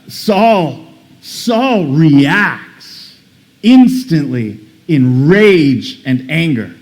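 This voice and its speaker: A man preaching a sermon, reading scripture aloud and commenting in a casual, dramatic way with frequent restarts. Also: on the high side. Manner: animated, reads scripture then comments with dramatic emphasis; casual asides with repeated word restarts. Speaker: pastor.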